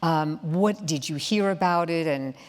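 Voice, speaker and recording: A woman's voice: low-pitched, a little slow. A woman interviewing a guest onstage, asking thoughtful questions carefully and with hesitations. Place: large theater hall, live audience. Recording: hall reverb.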